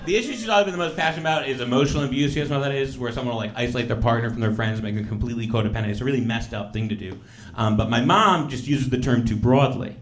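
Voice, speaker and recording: A man performing stand-up comedy in a casual, animated way, laughing between his lines. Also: mid-range voice, racing, slight background noise.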